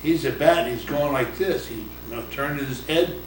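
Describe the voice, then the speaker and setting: Older man, retired pitcher and coach, rambling chuckling storyteller, off-mic in an echoey room, noisy background. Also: moderate pace. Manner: rambling anecdotes, acts out voices, chuckles often. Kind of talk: casual interview storytelling. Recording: roomy, distant mic, noisy ambience.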